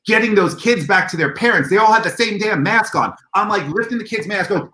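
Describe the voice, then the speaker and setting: On a livestream, an excitable man who is a guest organizer of a convention tells animated stories in an echoey room. His voice is high and a little fast, with few pauses, and he acts out dialogue in a raised voice.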